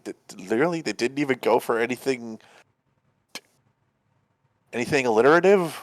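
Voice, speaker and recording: A man's voice: mid-range voice, brisk, long pauses, a little hiss or hum. A man playing a courtroom game with a friend, joking and reading the lines aloud in casual chat. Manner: joking, animated. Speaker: let's play voice actor. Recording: music in background.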